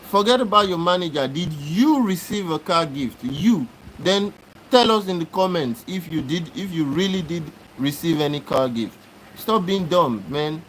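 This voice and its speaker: A man's voice: on the high side, lively intonation, normal speed, fairly bright tone, slight background noise, rough recording. Exasperated man lecturing his live chat. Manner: argumentative, repetitive, exasperated lecturing. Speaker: livestream host. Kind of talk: live-stream talk answering chat comments.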